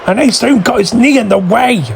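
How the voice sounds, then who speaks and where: A man giving excited play-by-play wrestling commentary, shouting through near falls, his voice going hoarse from screaming. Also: very high-pitched, normal speed, slight background noise. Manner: shouting near counts, voice straining.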